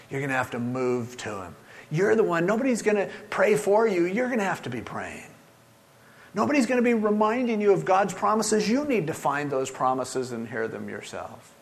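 An older man preaching a sermon as pastor, urging his listeners and swinging from loud pushes to hushed, low lines. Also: big pitch swings, normal speed.

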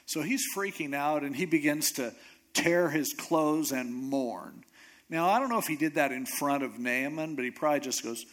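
A middle-aged male pastor preaching a sermon, retelling a Bible story in a lively, conversational way and acting out the characters' lines. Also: on the high side. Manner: animated storytelling, acting out characters in quick asides.

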